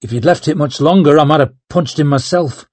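Narrator doing nervy chatty sidekick guy, higher and keen, slightly husky. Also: a little fast, a little mellow, dry recording, close to an everyday voice. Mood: eager. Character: nervous, joking young male sidekick.

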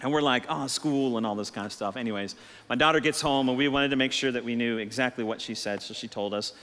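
A middle-aged man preaching a sermon as senior pastor, telling stories with lively rhetorical questions. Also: mid-range voice, quick pace. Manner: animated storytelling, rhetorical questions. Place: church sanctuary. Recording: church hall reverb.

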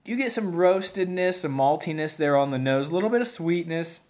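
A man's voice: a little high, animated, a little fast, a little mellow. Rambling folksy man reviewing beer. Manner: rambling, folksy, many fillers and restarts. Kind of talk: casual video review.

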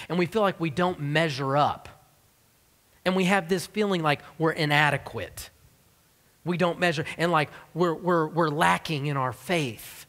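A man's voice: on the high side, measured pace, fairly bright tone, big-room sound. A man preaching a sermon as pastor of a church, in a conversational, joking style. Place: church sanctuary.

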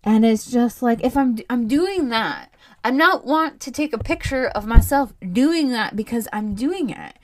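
A woman hosting her own podcast, talking candidly in a rambling, heartfelt solo monologue that turns animated when she rants. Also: on the high side, a little slow. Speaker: podcast host.

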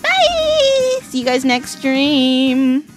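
A woman's voice: medium pitch, big pitch swings, a little slow, over music. A woman from Texas chatting on her stream, giggly and gushing, swearing casually.

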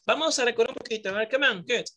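A woman's voice: a little high, rapid-fire, fairly bright tone, slight background noise. A woman English teacher from Peru with a Peruvian Spanish accent, leading an online class for young children with upbeat praise and word drills. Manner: upbeat, praising, counting students in and drilling words. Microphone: video call.

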